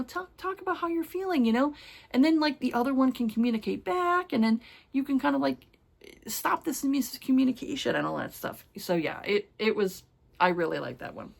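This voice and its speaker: A woman talks through a book review in a loose, gushing way, full of fillers and little restarts. She reads from her notes now and then, then drifts back into chatty asides. Her voice sits in an ordinary middle pitch. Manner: gushing, rambling, many fillers. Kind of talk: casual book review chat.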